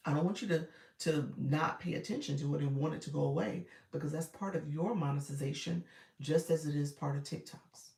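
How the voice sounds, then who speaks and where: A woman's voice: low voice, a little fast, darkish tone. A woman coaching viewers through a live stream in a chatty, colloquial way, greeting people as they come in. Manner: chatty, greets viewers by name mid-sentence; colloquial, uses y'all and ain't. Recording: roomy, distant from the mic.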